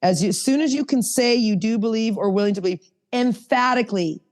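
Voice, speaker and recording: A woman teaching a sponsorship workshop over a video call, talking in a lively, chatty, coaxing way. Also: on the high side, brisk.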